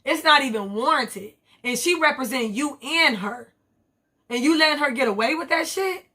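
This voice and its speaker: A woman's voice: high voice, expressive, moderate pace, sharp tone. A woman recapping reality TV in a blunt, profane, rambling vlog. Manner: blunt, profane, rambling commentary with quoted asides.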